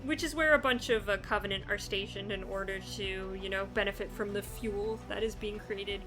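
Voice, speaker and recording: A woman co-hosting a casual podcast chat, animated and playfully acting out characters as she recaps. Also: medium pitch, fairly quick, music in the background. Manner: animated, acts out characters with exaggerated quips. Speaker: podcast co-host.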